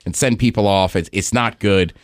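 A man's voice: lowish voice, normal speed, no room sound. A middle-aged man co-hosting a podcast, telling stories in casual chat and laughing often. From living in Seattle. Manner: animated storyteller, laughs often. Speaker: podcast co-host.

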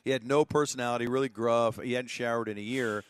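Radio co-host, man, lively storyteller, dry studio sound. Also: mid-range voice, quick pace, clean tone, no echo. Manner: animated storyteller, laughs mid-story, loud when quoting. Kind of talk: casual radio banter, storytelling.

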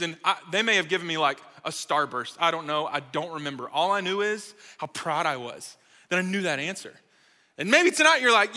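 Guy preaching to a crowd, high sharp voice, jokey and chatty, big echoey hall. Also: animated, fairly quick. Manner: playful, jokey, talks straight to the crowd. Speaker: speaker at a college ministry gathering. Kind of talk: lively sermon to a live audience. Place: large hall with live audience. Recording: reverberant hall.

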